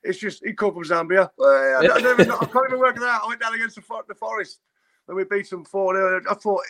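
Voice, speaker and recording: A high-pitched man with a bright, forceful voice. He talks casually as a guest, rambling through stories with frequent laughs. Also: fast. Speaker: guest singer. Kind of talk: casual chat.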